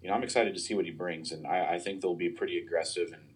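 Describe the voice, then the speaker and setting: A man's voice: low-pitched, fairly even intonation, fast talker, slightly rough. A man giving football analysis on a podcast, talking casually with lots of hesitations. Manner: hesitant, many fillers and restarts. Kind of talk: casual sports podcast chat.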